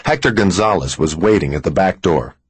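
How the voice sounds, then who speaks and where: A man reading a thriller audiobook in a measured, expressive storytelling manner. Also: low-pitched, slightly rough, no room sound. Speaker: audiobook narrator. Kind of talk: scripted thriller narration.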